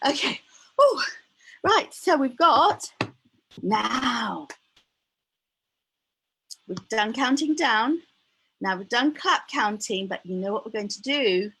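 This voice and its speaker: A woman's voice: high voice, expressive, takes it slowly, pauses often, sharp tone, slight background noise, rough recording. Bubbly woman teaching children to count. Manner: bubbly, encouraging, sing-song counting. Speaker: early years maths teacher.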